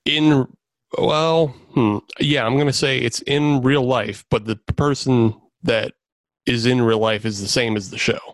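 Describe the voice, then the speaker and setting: A man runs a relaxed trivia game, reading out questions and handing down rulings in a dry, close voice. He speaks at an ordinary middle pitch and laughs along with the players. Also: a little slow, dry recording. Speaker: quiz host. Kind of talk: hosting a casual trivia game.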